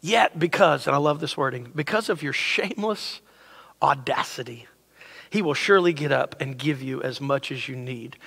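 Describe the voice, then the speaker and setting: A man preaching a sermon to a congregation, animated and talking straight to the room, acting out the voices in the story. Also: mid-range voice, normal speed, creaky, husky. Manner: animated, acts out quoted voices, addresses the congregation directly. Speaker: pastor. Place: church sanctuary. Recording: long hall reverb.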